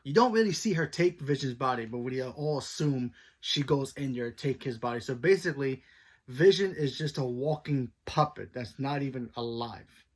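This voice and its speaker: A man's voice: mid-range voice, normal speed. A man with an everyday mid-range voice runs through a TV episode in a casual spoiler review. He rambles, leans on "you know" and "like", and stops to correct himself while he thinks aloud. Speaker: TV show reviewer.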